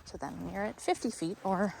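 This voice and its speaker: A woman's voice: mid-range voice, a little fast, vocal fry, darkish tone, slight background noise. A woman dog trainer, a little out of breath, explaining her training steps while she walks outdoors with a dog, and stopping now and then to praise it. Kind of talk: instructional training walk-through.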